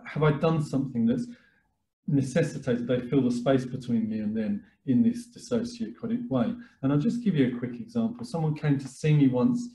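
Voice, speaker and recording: A man giving a webinar talk as a therapist, speaking calmly and reflectively with frequent fillers and restarts. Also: medium pitch. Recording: echoey room.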